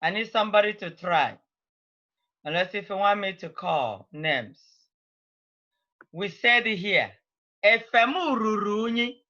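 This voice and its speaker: A woman's voice: medium pitch, bright, forceful tone, lo-fi sound. A woman teaching a language class over a video call, speaking. She prods students patiently and repeats her phrases.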